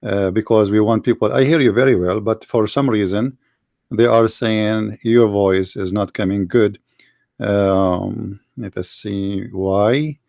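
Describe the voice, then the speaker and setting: A man's voice: on the low side, fairly even intonation, measured pace, creaky, a little mellow, dry recording, studio quality. A man with an Arabic accent hosting a live call-in debate stream, asking insistent, challenging questions. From Middle East. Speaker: debate livestream host.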